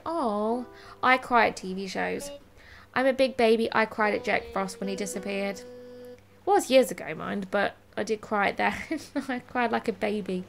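A woman's voice: a little high, normal speed, gravelly. A woman giving rambling, chatty, self-deprecating commentary while playing a video game. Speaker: let's play host. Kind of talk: casual gameplay commentary.

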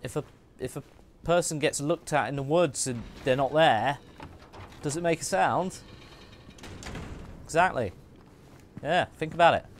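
A man's voice: a little high, unhurried, pauses often, slight background noise. A man streaming a game, chatting and joking and muttering asides to himself as he plays. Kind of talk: casual gaming commentary.

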